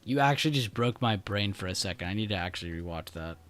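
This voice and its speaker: A young man talks casually on a live stream, relaxed and slangy, often breaking into laughter. His voice sits a little on the low side. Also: quick pace. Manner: laid-back, laughing, slangy. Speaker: trading livestream host. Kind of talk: casual chat on a livestream.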